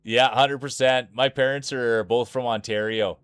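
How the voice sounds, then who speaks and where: A man's voice: mid-range voice, steady tone, normal speed, a bit bright, clean tone, no echo, studio quality. A man from Saskatchewan with a thick Saskatchewan Canadian accent, giving playful, hype-man commentary on a live-streamed marble race.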